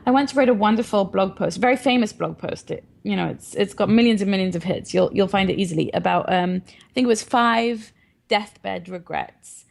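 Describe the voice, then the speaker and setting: A woman's voice: medium pitch, normal speed, vocal fry, darkish tone. A woman in her thirties, a parenting advocate, talking earnestly and reflectively in a casual interview. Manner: earnest, reflective, laughs often.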